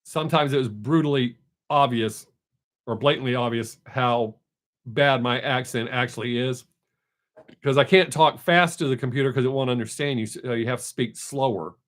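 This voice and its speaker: Medium in pitch and moderate in pace, a middle-aged man's voice leads a relaxed live-stream chat. He goes off on tangents, uses profanity, and keeps restarting what he says to viewers.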